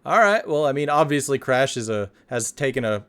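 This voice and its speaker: A man hosting a podcast, asking questions in a relaxed casual way and correcting himself as he goes. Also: medium pitch, fairly quick, clear, resonant tone. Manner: relaxed interviewer, self-correcting. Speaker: podcast host. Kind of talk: casual chat.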